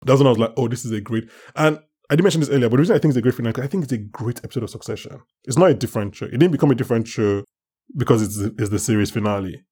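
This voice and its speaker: Guy cohosting a podcast, lively, keeps acting out what he was thinking, mid-pitched everyday voice. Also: rapid-fire, slightly rough. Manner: animated, acts out his own reactions in quotes. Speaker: podcast co-host. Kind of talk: casual chat.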